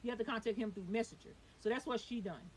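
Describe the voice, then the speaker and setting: Young woman vlogging fast and fired up, a bit high voiced, faint hiss behind. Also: darkish tone, low-quality recording. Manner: fast, emphatic, swears when upset. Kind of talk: heated personal storytelling.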